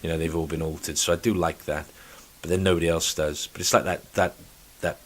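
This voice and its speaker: A man's voice: rumbling low, little pitch movement, fairly quick, a bit bright. A man hosting a casual podcast, ranting and swearing freely and mimicking other people in put-on voices. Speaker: podcast host. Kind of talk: casual chat.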